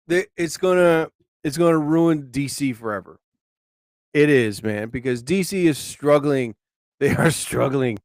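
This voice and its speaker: A man hosting a casual live stream, rambling excitably and breaking into frustrated, swearing outbursts. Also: on the high side, dry recording, studio quality. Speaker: live show host.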